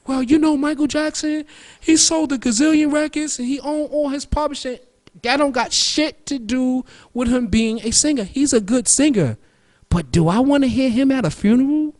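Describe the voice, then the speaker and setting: High-voiced man ranting profanely on radio. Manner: loose, profane, rambling street talk; jumps between topics. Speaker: radio show host. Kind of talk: casual solo monologue.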